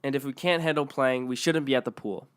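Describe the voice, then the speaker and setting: A man's voice: medium pitch, brisk, clean tone. A man narrating online stories aloud in a matter-of-fact way.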